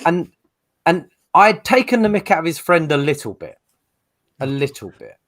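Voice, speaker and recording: A man's voice: fairly high pitch, moderate pace. A man, telling anecdotes in casual podcast chat, laughing often and doing voices. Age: late 30s. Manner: animated storyteller, laughs often, does voices. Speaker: podcast panelist.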